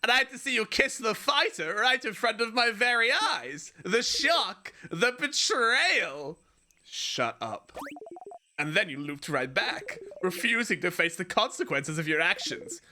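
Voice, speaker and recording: Mocking cruel star spirit, a streamer putting it on, slow drawl, lively swings in pitch. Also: background noise. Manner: sneering, accusing. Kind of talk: reading game dialogue aloud. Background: game music.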